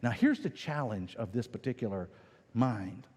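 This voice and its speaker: A man's voice: medium pitch, normal speed, husky. Pastor guy preaching, bouncy up and down voice, acts out little voices, big church echo. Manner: animated, acts out quoted voices and laughs. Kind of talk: sermon. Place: church sanctuary. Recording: long church hall reverb.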